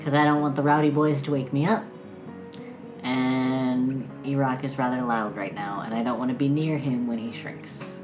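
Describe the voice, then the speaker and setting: A woman's voice: a bass voice, steady tone, moderate pace. A woman playing in a tabletop game, making dry, wry remarks. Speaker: player. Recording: roomy sound with clear music.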